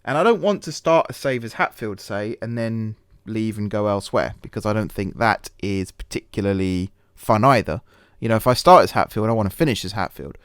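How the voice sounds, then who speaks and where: During a relaxed let's-play of a management game, a gaming channel host rambles along, pokes fun at himself, and fills his talk with fillers and restarts. He has a fairly low, clear and resonant voice, expressive and fairly quick with few pauses, in a studio-quality recording without echo.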